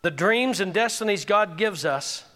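High, bright-voiced impassioned preacher man. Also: animated, unhurried. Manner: impassioned, exhorting, swinging between shouts and hushed tones. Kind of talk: sermon.

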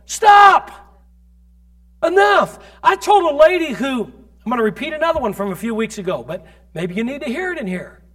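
A pastor preaching a sermon in a notably high male voice. He tells stories from his ministry with emphatic delivery, pressing his points hard and swelling to loud peaks. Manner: storytelling, recounting ministry experiences.

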